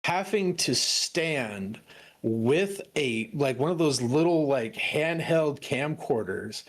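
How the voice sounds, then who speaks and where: A man's voice: fairly high pitch, expressive, slow. A young adult man chatting casually on a stream, rambling through stories with many restarts and bursts of laughter. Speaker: stream co-host. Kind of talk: casual chat.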